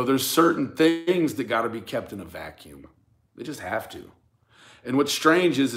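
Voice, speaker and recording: Speaking in a mid-range voice, a male YouTube true crime commentator rants casually for his channel. His delivery is emphatic and full of stammering and repetition, aimed squarely at viewers and critics.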